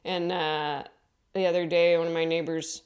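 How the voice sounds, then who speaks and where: A woman comedian telling rambling stories in a casual, mumbly way and acting out quotes in higher voices. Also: level tone, moderate pace, a little mellow, smooth. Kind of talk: casual comedic storytelling monologue.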